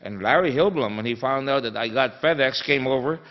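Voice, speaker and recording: A man's voice: mid-range voice, fairly quick. A man from the Philippines, giving a conference talk that he tells as an emphatic story, with many fillers. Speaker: guest speaker. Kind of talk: anecdotal conference speech. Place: conference hall. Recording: dull sound in a reverberant hall.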